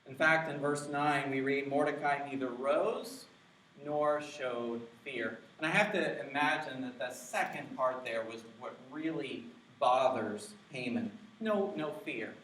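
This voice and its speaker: Emphatic pastor preaching in an echoey church. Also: male voice, medium pitch, a bit bright, recorded from a distance, slight background noise. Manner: emphatic, stresses key words slowly. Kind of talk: sermon. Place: church sanctuary.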